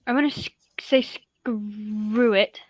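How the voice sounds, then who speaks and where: A woman's voice: medium pitch, fairly even intonation, slow, no echo, poor audio. A young woman playing a tabletop game, eager and asking rules questions as she plans her moves. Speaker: player. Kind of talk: casual tabletop play.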